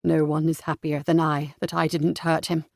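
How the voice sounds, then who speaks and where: An urgent young gentleman barks orders in an audiobook scene, as a woman narrator plays him. He speaks with force and worry, close and dry. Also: low-pitched, flat delivery, normal speed, creaky, no echo, voice pushed down. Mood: tender. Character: young gentleman, anxious and commanding.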